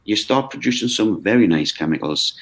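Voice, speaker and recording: A man with a lowish voice, talking over a video call. He explains things in a lively, conversational way, slips into quoted voices and often checks in with "okay?". He sounds like a course leader talking a friend through an idea. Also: brisk. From United Kingdom. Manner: animated, acts out quoted voices, frequent "okay?".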